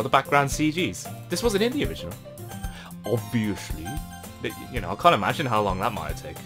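Male let's-player, jittery and lively, with music under him. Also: on the low side, a little fast. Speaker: gaming commentator. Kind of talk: gameplay commentary. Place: dark room at home. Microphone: headphones with mic.

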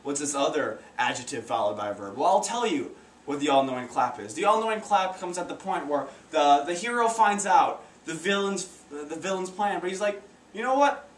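A man's voice: fairly high pitch, lively intonation, fairly quick, echoey room. Teenage boy, amateur stand-up comic, stumbling delivery, distant mic, faint background noise. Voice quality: stumbling, awkward, many restarts. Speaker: stand-up comedian.

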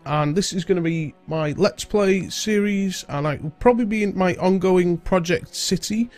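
A man's voice: sits high, moderate pace, a little mellow, faint music behind. A young man with a stuffy nose from a cold, chatting casually as host of a game let's-play. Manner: chatty, rambling, British-sounding slang. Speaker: gaming video host.

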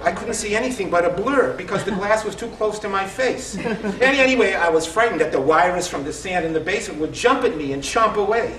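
A man in his sixties telling a comic family story at a live reading, with a wry, punchline-driven delivery and a rather high voice. He is heard from a distance in an echoing room with faint background noise. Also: fast, few pauses, a bit bright. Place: live event in a store showroom. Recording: echoey room, distant mic.

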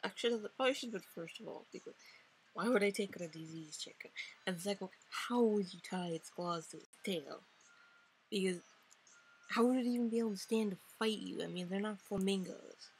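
A woman narrating a let's play reads a visual novel's lines aloud and chats about them in a rambling, playful way. She has a mid-range, slightly rough voice and talks fairly quickly, on a low-quality recording.

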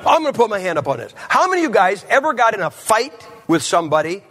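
A husky, fairly high-voiced man preaching to a congregation. He tells stories bluntly and jokes his way through the sermon. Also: sing-song, quick pace, pushed and bright. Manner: blunt, joking storyteller. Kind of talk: humorous sermon. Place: church service.

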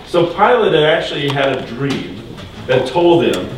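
A man's voice: medium pitch, sing-song, measured pace, slight background noise. A man teaching a Bible lesson to a class in a church room, talking casually and quizzing the group with questions. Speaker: religion teacher. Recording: echoey room from far off.

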